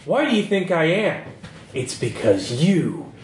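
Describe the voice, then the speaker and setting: A man's voice: fairly high pitch, big pitch swings, measured pace. A man voicing a bitter, defiant woman in a tabletop horror game. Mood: scornful. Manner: scornful, ranting. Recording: roomy echo, faint background noise.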